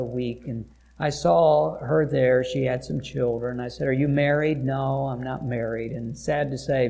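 A male pastor preaches through a personal story, hesitating often and circling back over his words. His voice has a gravelly, creaky edge. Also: mid-range voice, a little mellow. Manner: hesitant, frequent filler sounds and restarts. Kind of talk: storytelling sermon.

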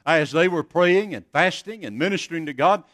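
A man's voice: a little high, expressive, brisk, fairly bright tone, no echo, studio quality. A man preaching a sermon, telling stories in an earnest voice and often restarting his words. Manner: earnest, storytelling with many restarts.

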